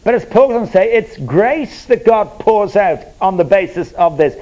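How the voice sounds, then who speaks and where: A man preaching a sermon, explaining with everyday stories and moving between emphatic points and quiet, earnest asides. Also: high voice, expressive, unhurried, dull audio. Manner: conversational, illustrates with everyday stories.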